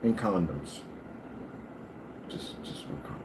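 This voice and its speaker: A man hosting his own channel, talking in a casual rambling monologue and jumping up high when he quotes people. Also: slow pace, background noise. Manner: animated storyteller, jumps high for quoted lines; scolding, talks straight to a critic. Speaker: channel host.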